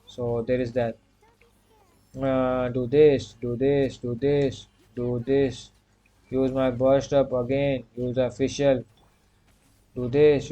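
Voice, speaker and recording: Dark in tone and medium in pitch, a man's voice offers casual commentary while he plays a video game. The gaming streamer narrates each of his moves, repeats quick commands, and keeps filling the gaps with "you can say."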